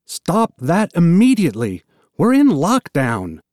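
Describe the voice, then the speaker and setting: A man voicing a female prison guard who barks stiff, loud orders. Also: on the high side, expressive, takes it slowly, dry recording, clean studio sound, pitched above the performer's own voice. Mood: commanding.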